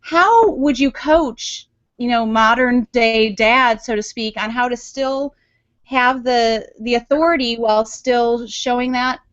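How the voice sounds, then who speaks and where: Chatty woman host, slightly high voice. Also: slow. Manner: warm affirming listener, rambling questions with restarts. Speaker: interview host. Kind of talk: conversational interview. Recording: dull lo-fi audio.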